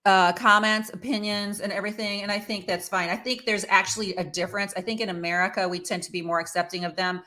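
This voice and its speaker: A woman talks through the news in a casual, opinionated way, pausing on fillers as she goes. Her voice is bright and forward. It sits at an ordinary middle pitch for a woman. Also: fairly even intonation. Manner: chatty and opinionated, with many fillers. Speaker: host. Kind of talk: casual commentary on celebrity news.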